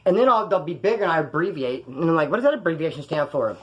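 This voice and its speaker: A man with a Californian accent tells stories from prison in a loose, rambling monologue. He talks fast in a fairly high voice, swears freely, and jumps into the voices of other people in his stories. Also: sing-song, a bit bright, slightly rough, muffled recording. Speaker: podcast host telling prison stories. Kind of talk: casual storytelling monologue.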